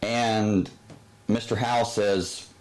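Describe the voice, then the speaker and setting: Deep, slow-talking man in heated commentary. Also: steady tone, darkish tone, rough recording. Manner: heated, sarcastic, halting with many fillers. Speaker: channel host. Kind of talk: opinion commentary monologue.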